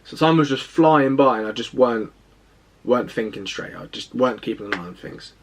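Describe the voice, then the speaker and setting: A man's voice: mid-range voice, lively intonation, a little fast. A young man, casually recounting a personal story to camera in a rambling, self-deprecating way. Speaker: fitness vlogger.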